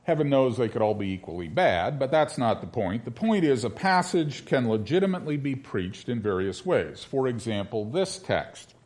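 A male pastor preaching a sermon, wry and conversational, slowing down to stress scripture phrases. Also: mid-range voice. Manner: lively, wry preaching with slow, emphatic scripture reading.

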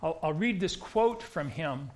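A man's voice: fairly high pitch, animated, unhurried. An American man preaching a sermon to his congregation in a conversational way, often restarting and repeating words as he goes. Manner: conversational, repeats words when starting sentences. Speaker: pastor.

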